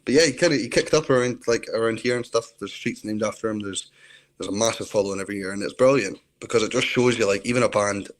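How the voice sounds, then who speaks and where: Scottish man, lowish pitch, rambling enthusiastic storyteller, casual interview guest. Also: fast, poor audio.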